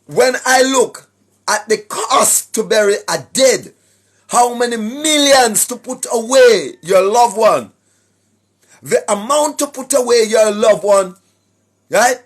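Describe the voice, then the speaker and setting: A Jamaican man addresses his online viewers in a preachy, sing-song way, firing rhetorical questions and clearing his throat between points. His voice sits very high and sounds husky, and he takes his time over each phrase. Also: lively intonation, takes it slowly. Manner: sing-song rhetorical delivery, keeps asking "right?", clears throat often. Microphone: speaking straight to a camera or phone.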